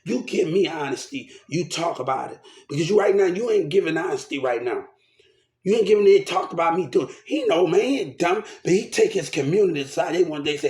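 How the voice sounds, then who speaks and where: A man's voice: on the high side, lively intonation, brisk, darkish tone, echoey room, slight background noise. An upset man ranting to the camera, agitated and repeating himself, shaken and swearing. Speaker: vlogger. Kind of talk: angry rant to camera.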